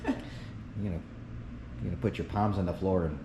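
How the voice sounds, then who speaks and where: A man's voice: low voice, fairly quick. A man hosting a casual car-repair vlog, joking and teasing as he works in his shop. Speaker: channel host. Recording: echoey, distant mic, loud noise.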